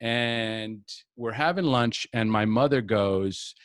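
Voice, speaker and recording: A man's voice: lowish voice, takes it slowly, a bit bright, dry recording, studio quality. A middle-aged man leading a live group recovery coaching session, talking earnestly and repeating key phrases for emphasis.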